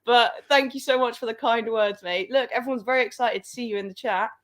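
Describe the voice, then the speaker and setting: A woman's voice: on the high side, steady tone, fast, a bit bright. A young woman hosting a football livestream, dramatic and laughing often. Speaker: livestream host. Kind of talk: excited livestream chat.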